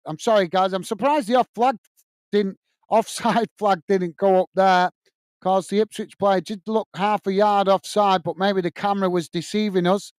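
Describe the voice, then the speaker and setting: An Englishman with a high-pitched, steady, somewhat dark voice hosts a live football watch-along at normal speed, recorded dry and at studio quality. He commentates on the play and reads out viewers' messages in a chatty, friendly way, thanking people by name and calling them mate.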